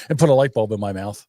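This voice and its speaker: An older man co-hosting a podcast, teasing and animated in crude banter. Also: on the low side, no echo, studio quality. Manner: animated, teasing, does mocking voices. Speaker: podcast co-host. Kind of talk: crude casual political banter.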